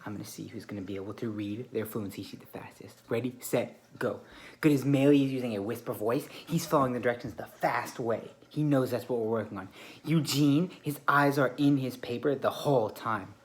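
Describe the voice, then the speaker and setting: A male teacher calmly and deliberately gives directions to a small group of children at a classroom table, narrating and praising their behaviour as he goes. His voice is medium-pitched.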